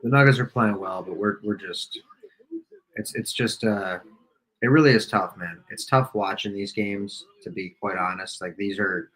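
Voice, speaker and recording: A man's voice: fairly low pitch, steady tone, normal speed, fairly bright tone, slightly rough. A man co-hosting a live game watch party, talking bluntly and swearing freely. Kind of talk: casual live game chat.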